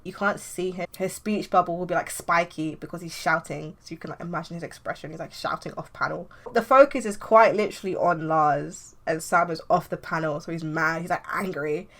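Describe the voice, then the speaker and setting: A woman's voice: on the low side, normal speed, hardly any pauses, a bit bright. Chatty young woman explaining comics. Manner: chatty, loose, with frequent "like". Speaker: comic artist. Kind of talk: casual tutorial vlog.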